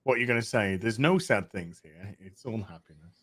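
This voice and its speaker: A man's voice: fairly low pitch, lively intonation, moderate pace, fairly bright tone, breathy edge. A man hosting a casual podcast, reacting to a clip with sarcastic jokes. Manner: joking, sarcastic. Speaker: podcast host. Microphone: desk mic through a streaming mixer.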